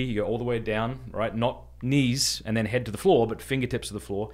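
A man's voice: fairly low pitch, brisk, few pauses. A man, a podcast host, casually and earnestly walks listeners through a prayer, chatty and easily amused. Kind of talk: casual spoken instruction.

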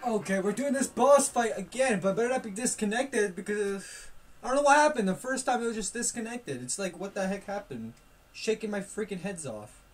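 A gaming YouTuber giving loud, excitable commentary, yelling and swearing at opponents while playing. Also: mid-range voice, brisk, recorded from a distance, slight background noise.

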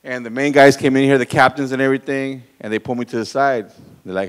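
A man's voice: mid-range voice, fairly even intonation, quick pace, clean tone. A man telling a profane, rambling story to a live audience at an event, repeating words and laughing at his own tale. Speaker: guest speaker at a real estate event.

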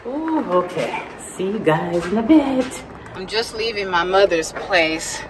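This woman vlogger talks casually to her audience as she drives, chatty and laughing frequently, sometimes breathless and muttering to herself. Her mid-range voice is animated and measured, with noise in the background of the car.

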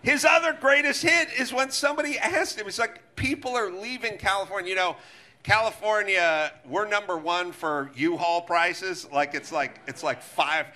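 A male podcast host on a sarcastic, profanity-laced rant, sounding fed up. His voice sits high for a man and has a sharp, bright ring to it. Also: moderate pace. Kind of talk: ranting comedic podcast talk.

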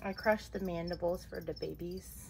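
A woman's voice: lowish voice, steady tone, normal speed, creaky, background noise. A woman hosting a casual vlog about her pet tarantulas, chatty and gushing as she talks to her spiders, with trailing fillers. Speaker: tarantula keeper vlogger.

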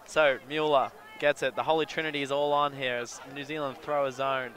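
A man giving live play-by-play commentary at an outdoor sports field, breaking into excited exclamations on big plays. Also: medium pitch, fairly quick. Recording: crowd noise from an outdoor field.

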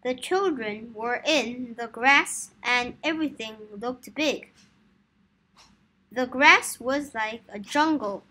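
Slow, high, breathy woman storyteller. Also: pushed and bright. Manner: slow, clear, careful reading. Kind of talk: reading a children's story aloud for English learners.

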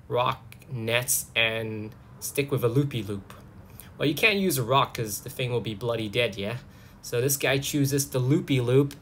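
A man's voice: medium pitch, fairly bright tone, a little hiss or hum. A man giving comic voice-over narration in a sardonic, joking manner with casual swearing.

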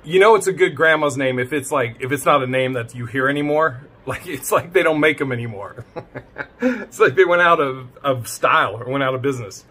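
A man's voice: medium pitch, fairly quick, sharp tone, breathy edge. A man giving casual reaction commentary, laughing often and swearing freely. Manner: laughing, profane and chatty. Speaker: video creator reacting to a clip.

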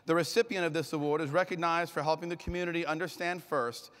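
A man emceeing an award ceremony on stage, announcing loudly and energetically, with the occasional slip and self-correction, heard through an echoing arena sound system. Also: on the high side, fairly even intonation, fast.

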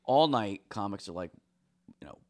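A man's voice: fairly low pitch, normal speed. A man from New Jersey, a stand-up comedian, chatting on a podcast and telling stories while acting out the voices of the people in them. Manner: animated storyteller acting out quoted voices. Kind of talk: casual podcast chat.

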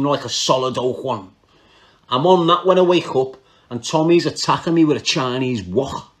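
A man with a Liverpool accent telling a crime story in casual, slangy talk, laughing often and breaking off mid-sentence. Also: a little high. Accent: Liverpool (Scouse). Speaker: podcast storyteller.

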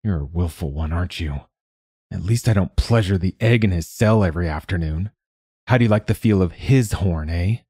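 A man's voice: deep voice, brisk, a little mellow, husky, dry recording, clean studio sound. A man playing a sneering teenage bully monk. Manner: sneering, hissing. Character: lumpy, spiteful teenage male novice bully.

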